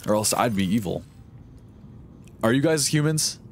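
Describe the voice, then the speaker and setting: A man's voice: mid-range voice, lively intonation, normal speed, a little hiss or hum. A young man streaming a game live, chatting in a rambling, jokey, sarcastic way. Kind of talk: casual live-stream chat while gaming.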